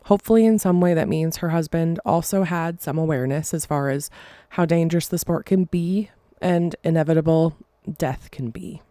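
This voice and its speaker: A woman's voice: low-pitched, warm tone, no echo, clean studio sound. A woman hosting a podcast, telling a story casually, often stumbling and apologizing. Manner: halting, apologizes for stumbling over words. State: emotional, choked up. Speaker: podcast host.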